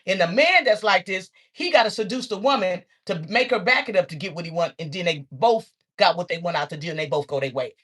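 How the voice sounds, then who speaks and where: A woman's voice: quick pace, few pauses. A woman talking casually to her viewers, telling stories animatedly and acting out quotes. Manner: animated storytelling, acts out quotes with sudden high squeals. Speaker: social media talker.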